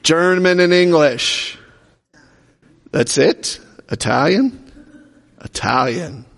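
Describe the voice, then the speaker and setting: A man's voice: fairly high pitch, slow, vocal fry, a bit bright. A man preaching a sermon, repeating aloud each answer called out by the congregation. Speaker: pastor. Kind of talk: sermon with audience call-and-response. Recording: echoey hall reverb.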